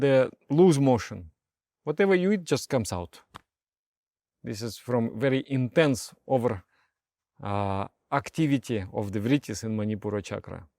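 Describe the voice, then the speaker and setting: A man teaching yoga and meditation in an animated way, asking rhetorical questions and telling stories. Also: fairly high pitch, dry recording, clean studio sound. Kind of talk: spoken meditation lesson.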